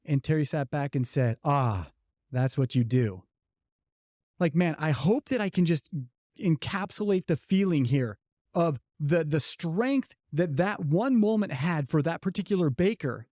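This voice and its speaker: A middle-aged man co-hosting a business podcast, telling a story earnestly and slowing down to stress key points. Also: on the high side, animated, darkish tone, no room sound, clean studio sound. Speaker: podcast co-host. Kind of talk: motivational podcast talk.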